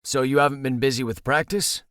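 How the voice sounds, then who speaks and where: A man's voice: medium pitch, a little fast, a bit bright, clean tone, dry recording, clean studio sound, natural voice. A man voicing a young man, an easygoing friend who teases his buddy in an audiobook. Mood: teasing.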